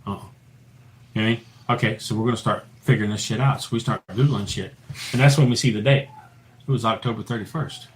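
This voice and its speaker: A man telling a ghost story in a casual chat, swearing freely and dropping to a low hush for the tense moments. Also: fast, rough recording. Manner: profane, animated storyteller who drops to a low hush for the tense parts. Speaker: paranormal investigator guest.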